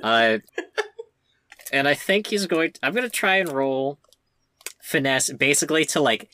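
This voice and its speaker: A woman's voice: low voice, a little slow. A woman playing a tabletop role-playing game, explaining her character's moves in a chatty way with lots of fillers. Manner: animated, chatty, hesitant fillers. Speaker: player. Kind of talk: casual tabletop play with in-character bits.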